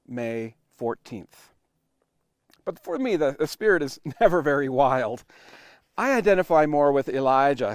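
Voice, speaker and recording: A male pastor preaching a sermon, telling it like a story with dramatic pauses and sudden shifts between loud emphasis and hushed, quiet lines. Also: medium pitch, clear, resonant tone, dry recording, studio quality. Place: church online worship recording.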